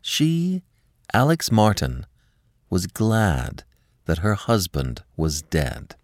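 A man narrating a classic short story for an audiobook podcast in a measured, expressive style. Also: deep voice, no room sound, studio quality.

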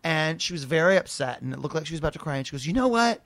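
A man telling an anecdote in casual conversation, lively and acting out the people he quotes in raised voices. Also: a little high, very fast, gravelly, no room sound.

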